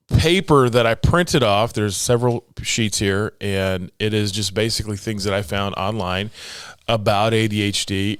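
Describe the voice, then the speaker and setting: A man's voice: on the low side, fairly bright tone, clean tone, dry recording, clean studio sound. A man in his forties hosting a casual solo podcast from his home office, jokey and motivational in tone. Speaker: podcast host.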